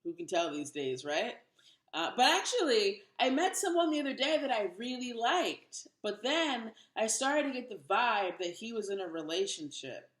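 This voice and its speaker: A woman's voice: a little high, sing-song, normal speed, a bit bright, roomy sound. A woman in her thirties doing a wry, self-mocking stand-up comedy set. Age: 30s.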